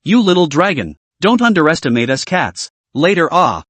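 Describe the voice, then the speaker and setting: Man reading as a giggling cat demon girl, teasing, lively and a little high, dry close sound. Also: normal speed, no room sound. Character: playful mischievous female cat demon girl. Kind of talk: recap narration with read-out dialogue.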